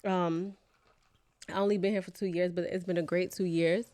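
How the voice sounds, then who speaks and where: A woman from New York with a New York accent, co-hosting a podcast in casual, animated, slangy chat. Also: lowish voice, moderate pace. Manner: chatty, animated storyteller with slang. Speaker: podcast co-host. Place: lives in Atlanta.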